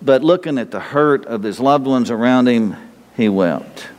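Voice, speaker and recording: A man's voice: mid-range voice, animated, a little slow, a little mellow, big-room sound. A man preaching a sermon, emphatic and rambling, pressing his listeners with repeated questions. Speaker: pastor.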